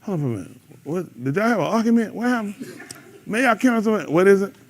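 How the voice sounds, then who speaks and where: A high-pitched, sing-song male voice moves at a quick pace over slight background noise. He's leading a congregation in a casual, joking Bible study, trading banter and laughter with them between scripture passages.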